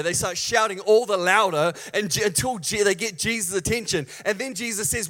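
Energetic male preacher, fairly high voice. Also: fairly quick. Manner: energetic preaching, swings from loud shouts to hushed storytelling. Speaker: pastor. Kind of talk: sermon. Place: church.

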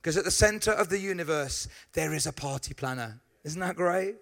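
A man preaches to his congregation, weaving in stories and quick asides. His voice sits high for a man and rings bright and forward. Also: vocal fry. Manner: lively storytelling with asides to the congregation. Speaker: pastor. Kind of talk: sermon.

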